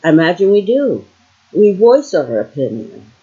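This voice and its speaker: A woman's voice: on the low side, sing-song, moderate pace, mellow, highs cut off. An older woman from Ohio talking to camera at home in a casual, rambling monologue, full of fillers and trailing thoughts. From Ohio, USA. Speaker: vlogger.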